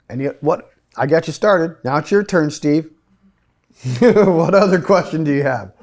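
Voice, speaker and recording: A man's voice: a little high, a little mellow. A man teaching a Bible study, asking questions and thinking aloud with a group in the room and online. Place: meeting room with online participants.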